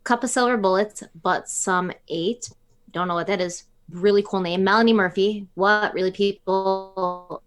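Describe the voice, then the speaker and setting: A woman's voice: medium pitch, steady tone, unhurried. A woman co-hosting a casual live stream, chatting and teasingly reading names from the chat aloud.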